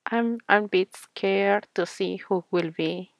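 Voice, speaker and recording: Slow, soft-spoken woman narrating gameplay. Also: medium pitch, creaky, no echo. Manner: soft-spoken, slow, with frequent fillers and small laughs. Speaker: gaming channel host. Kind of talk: casual gameplay commentary.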